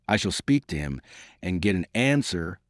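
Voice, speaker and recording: A man voicing a proud imprisoned young king who speaks in a calm, commanding, formal way. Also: low-pitched, normal speed, no echo, studio quality. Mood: dignified.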